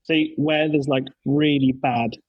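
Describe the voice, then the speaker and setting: A man's voice: medium pitch, steady tone, unhurried, no echo, highs cut off. A man hosting a casual podcast, telling stories with enthusiasm and lots of restarts. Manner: rambling, enthusiastic, many restarts. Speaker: podcast host, dad.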